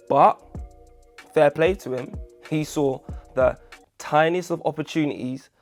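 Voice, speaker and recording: A man's voice: medium pitch, vocal fry. A man hosting a casual commentary video, jokey and self-deprecating, full of chatty asides. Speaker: video essay host.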